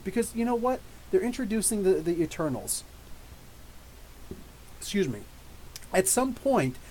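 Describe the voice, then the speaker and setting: A middle-aged man hosts a live question-and-answer show, swearing freely and mocking his critics. His pitch swings widely as he talks, and there is a faint hiss in the background. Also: poor audio. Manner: animated, profane, mocking ranting. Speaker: podcast host. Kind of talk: live Q&A rant.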